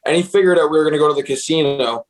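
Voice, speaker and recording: A man's voice: fairly high pitch, rapid-fire, low-quality recording. A young man, a booking agent, casually telling road stories, profane and laid-back, laughing along. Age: young adult. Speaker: guest, concert booking agent. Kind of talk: casual storytelling.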